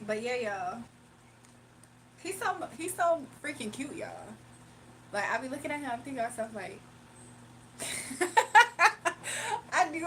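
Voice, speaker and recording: Giggly high-pitched woman chatting live. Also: slight background noise, poor audio. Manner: chatty and giggly, reads comments aloud. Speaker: livestream host reading chat. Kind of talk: casual livestream chat.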